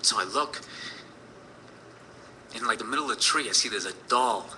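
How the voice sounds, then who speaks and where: A man's voice: fairly low pitch, moderate pace, pushed and bright, a little hiss or hum, rough recording. A man in his thirties telling a personal story in a rambling, profane way, full of fillers.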